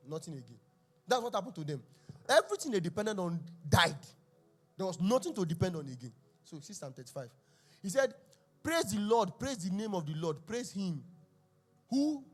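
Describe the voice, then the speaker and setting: A young man preaching a sermon at a church service, telling the story with laughs and exclamations. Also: sits high. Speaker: pastor.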